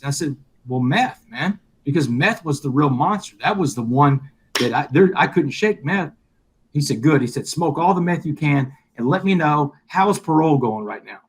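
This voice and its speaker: Middle-aged male guest, husky, slightly high voice, animated storyteller. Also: moderate pace. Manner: animated storyteller, acts out quoted dialogue. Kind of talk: storytelling in a live interview.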